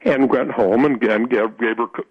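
A man's voice: mid-range voice, steady tone, moderate pace, breathy edge. A man telling a long story as a guest in an interview, often repeating words and restarting his sentences. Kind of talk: storytelling in conversation. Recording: muffled dry radio recording.

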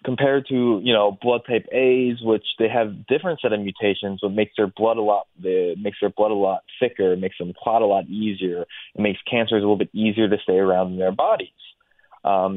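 A man with a lowish voice explains medical ideas in a relaxed, rambling way, filling gaps with "um" and "uh". The sound is thin and phone-like, and the room is dry. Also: no room sound. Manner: explains at length with many fillers. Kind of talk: casual explanatory interview.

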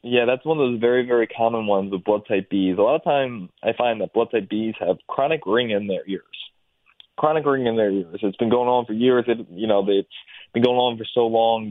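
A man's voice: lowish voice, no room sound. A man in a casual interview, explaining medical ideas at length with frequent fillers and restarts. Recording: dry, phone-like line.

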